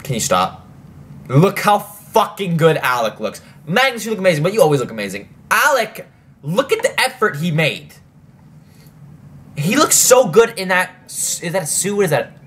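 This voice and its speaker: A young man hosting a reaction video, talking casually, excitably and with frequent swearing. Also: sits high, normal speed.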